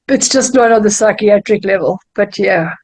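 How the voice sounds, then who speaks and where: A woman's voice: medium pitch, a little mellow, breathy edge, poor audio. A woman hosting a casual interview, answering with short affirming replies. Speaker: interview host.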